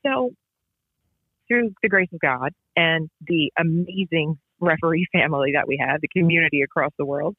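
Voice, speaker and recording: A woman's voice: low voice, normal speed, breathy edge, no room sound. A woman, a basketball referee, tells stories in a casual interview, emphatic and repetitive. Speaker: basketball referee and podcast guest. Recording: tinny phone-line sound.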